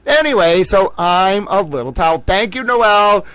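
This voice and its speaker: Male streamer, voice on the high side, quick jokey banter with chat, dry close sound. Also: clean tone, no room sound. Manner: animated, jokey, calls himself a little towel; talks to chat viewers by name. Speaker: livestream host. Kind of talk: casual livestream chat.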